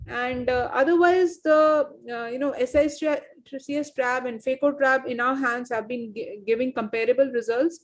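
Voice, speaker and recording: A woman surgeon narrating her surgical video at an online conference, explaining each step with frequent pauses and fillers. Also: high voice.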